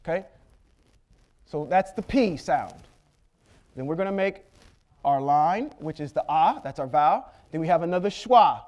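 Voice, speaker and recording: High-voiced man teaching step by step. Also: expressive, moderate pace, pauses often, darkish tone, lo-fi sound. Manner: patient, step-by-step explaining with frequent "okay?" checks. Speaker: Bible teacher. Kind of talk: Torah study lesson with Hebrew reading drills.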